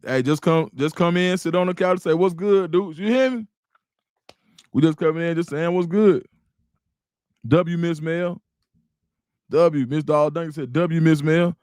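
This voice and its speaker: A middle-aged man with an Atlanta accent, hosting a casual livestream, reading chat comments and talking in a loose, animated, slangy way. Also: fairly high pitch, normal speed, clear, resonant tone, dry recording, clean studio sound. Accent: Atlanta Black Southern English. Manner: animated, repeats words, slangy, reads chat aloud. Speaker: livestream host.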